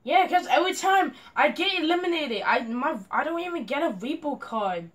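A woman's voice: high voice, lively intonation, moderate pace, fairly bright tone. A young woman commenting on her gameplay, frustrated and complaining at a teammate. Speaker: gamer.

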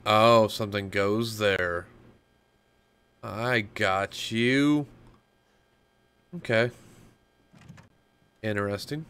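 Laid-back, unhurried male gamer. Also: fairly low pitch, a bit bright, clear, resonant tone. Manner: joking, rambling, talks to himself. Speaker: gaming channel host. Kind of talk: casual gameplay commentary.

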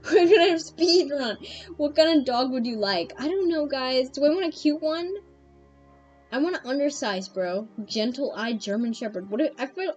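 A young woman streaming a game, chatting to her viewers in a loose, excitable way, laughing often. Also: sits high, slightly rough. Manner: excitable, laughing, addresses chat. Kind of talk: casual game commentary.

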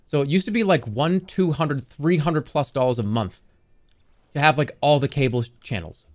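Animated, rambling male streamer. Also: fairly high pitch, moderate pace. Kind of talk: live gameplay commentary.

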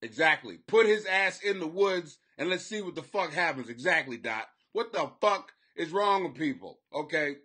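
Man, comedian podcast host, profane, high voice, very animated. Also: moderate pace, few pauses. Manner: profane, loud, breaks into shouting and silly voices. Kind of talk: rowdy comic commentary. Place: home basement.

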